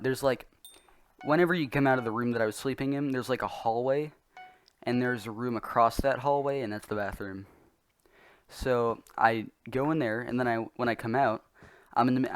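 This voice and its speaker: A man's voice: medium pitch, normal speed. A young man telling a story in a casual, rambling, self-mocking way, often laughing as he goes. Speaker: vlogger.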